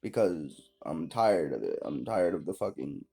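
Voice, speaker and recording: A man's voice: low-pitched, sing-song, normal speed, creaky, mellow, slightly rough. A young man telling a long, frustrated story to camera in a casual vlog, swearing constantly and restarting his sentences as he rambles. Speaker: vlogger. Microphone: phone or webcam at close range.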